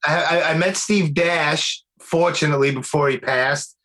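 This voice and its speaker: A man with a Brooklyn accent hosting a podcast, chatting casually like an excited fan and swearing freely. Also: a little high, normal speed. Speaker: podcast host. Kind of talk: casual interview.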